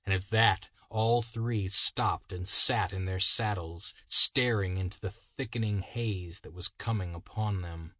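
A man reading a story aloud in steady, measured narration. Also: deep voice, no echo. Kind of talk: scripted narration.

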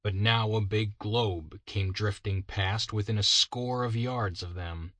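A man narrates a story slowly and deliberately, with a somewhat low voice. His tone is bright and clear. The recording is dry and close, with no room sound. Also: fairly even intonation, no room sound. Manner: slow, measured reading. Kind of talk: scripted narration.

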